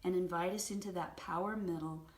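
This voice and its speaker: A woman hosting a book review, retelling an anecdote in a vivid, animated storytelling manner. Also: on the low side, a little fast. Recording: roomy echo.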